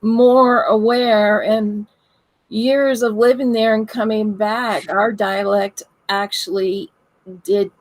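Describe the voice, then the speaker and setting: A woman's voice: on the high side, steady tone, takes it slowly, low-quality recording. Chatty Southern American woman co-host. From Southern United States. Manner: chatty, laughs easily. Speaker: paranormal investigator and co-host. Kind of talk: casual group chat.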